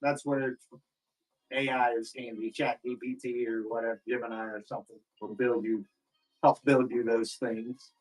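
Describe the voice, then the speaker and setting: A man's voice: mid-range voice, flat delivery, moderate pace, slightly rough, faint music behind, rough recording. A man co-hosting a casual livestream, adding easygoing, supportive remarks.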